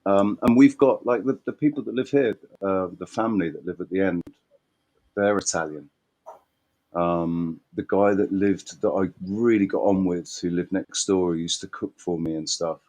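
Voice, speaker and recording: A man's voice: low-pitched, normal speed, mellow, low-quality recording. A man chatting casually in a meandering, hesitant way and laughing easily. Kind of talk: casual chat.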